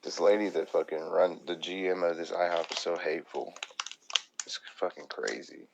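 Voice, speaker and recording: A man's voice: sits low, fairly even intonation, moderate pace, creaky, noisy background. A man co-hosting a podcast, telling profane stories in casual chat and laughing a lot. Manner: profane, storytelling, laughs a lot, mimics people in quotes. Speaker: podcast co-host.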